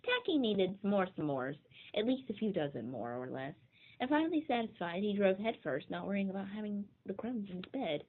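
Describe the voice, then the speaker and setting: A woman reading a children's picture book aloud in an expressive way. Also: medium pitch, moderate pace. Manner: expressive, sweeping storybook reading. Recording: tinny phone-like sound.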